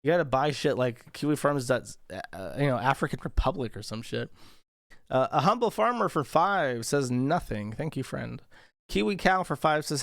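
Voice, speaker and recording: A man's voice: mid-range voice, no echo, studio quality. A man on a casual livestream reads viewer donation messages aloud and riffs on them in a crude, profane, sarcastic way. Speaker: streamer reading viewer donations.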